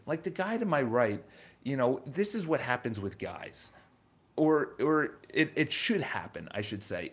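Man in his thirties, rambling motivational talk. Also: medium pitch. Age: 30s. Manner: animated storytelling, swears, self-corrects and repeats words. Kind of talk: casual motivational monologue.

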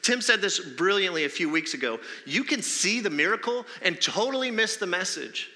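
A man's voice: high-pitched, very animated, normal speed, pushed and bright. A male pastor preaching a sermon in a conversational way, pressing the congregation with rhetorical questions. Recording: long hall reverb.

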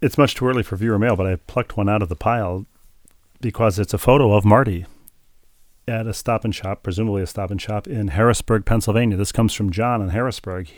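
A man's voice: lowish voice, a little fast, no echo. A middle-aged man co-hosting a podcast, telling stories in a dry, wry, casual way. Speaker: podcast co-host. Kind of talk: casual chat.

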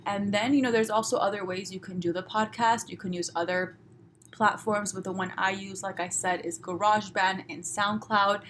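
A woman with a Southern California accent talks quickly and crisply through a solo podcast episode. Her chatty, upbeat delivery is full of little fillers, with her voice at an ordinary middle pitch. A faint room noise sits under her podcast microphone. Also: fairly even intonation, a bit bright. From Los Angeles, USA. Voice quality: fast-talking, crisp pronunciation. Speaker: podcast host.

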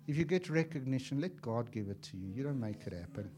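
A man preaching a sermon as an evangelist, impassioned and swinging from loud to hushed, acting out little dialogues as he tells stories. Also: mid-range voice, lively intonation, fast talker, a little hiss or hum. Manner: acts out dialogue in storytelling.

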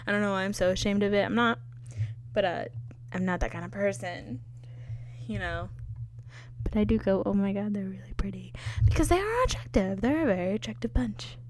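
A woman's voice: mid-range voice, lively intonation, a little fast, long pauses. A young woman hosting her own podcast, rambling chattily and poking fun at herself with lots of fillers. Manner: chatty, self-deprecating, digressive, heavy on fillers. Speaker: podcast host. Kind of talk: rambling solo podcast chat.

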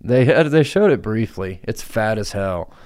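A young man with a low, deep voice co-hosts a podcast in a studio. His banter is crude and casual, full of swearing and quick laughs. The sound is dry and close. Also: expressive, a little mellow, clear, resonant tone, no echo. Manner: laughs often, swears, jumps into silly put-on voices. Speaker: podcast co-host.

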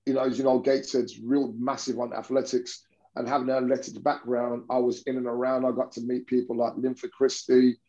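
Rambling man, mellow tone. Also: medium pitch, level tone, fairly quick, highs cut off. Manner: rambling with many restarts. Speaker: basketball coach. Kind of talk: conversational interview storytelling.

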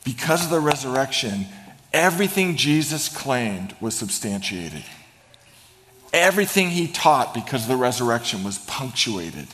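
A man's voice: mid-range voice, sing-song, normal speed, a little hiss or hum. Man preaching in a reverberant sanctuary. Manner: storytelling preacher with humor, drops to a hush for emphasis. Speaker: pastor. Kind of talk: sermon. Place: large church sanctuary. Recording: long reverb of a large hall.

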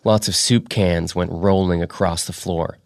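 A man hosting a podcast, reading fiction aloud in a steady, measured way. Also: sits low, gravelly, no room sound, studio quality. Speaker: podcast host.

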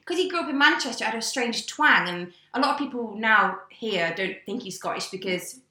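A young woman from England telling a story in casual chat, animated and swearing, acting out the voices she quotes. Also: fairly high pitch, fairly quick, echoey room. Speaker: guest.

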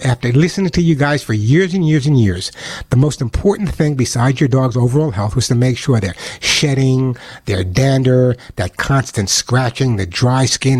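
A middle-aged man with a New York accent, hosting a call-in radio show with animated, chatty advice and ad reads. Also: mid-range voice. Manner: animated, fast-talking, chatty.

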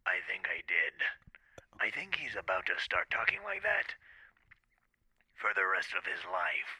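A man doing an impression of a gruff action-movie tough guy, delivering deadpan threats. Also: sits low, no room sound, full character voice, poor audio. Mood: smug. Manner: menacing, slow, deadpan threats.

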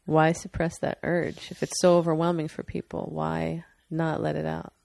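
A woman's voice: deep voice, completely flat delivery, normal speed, creaky, darkish tone, no room sound. A woman co-hosting a podcast, teasing and laughing in casual chat. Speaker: podcast co-host.

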